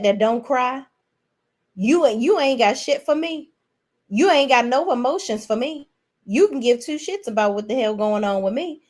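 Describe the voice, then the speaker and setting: A young adult woman hosts a reality TV recap in a casual, ranting style. Her voice sits fairly high, and she swears freely and talks bluntly and animatedly. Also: darkish tone.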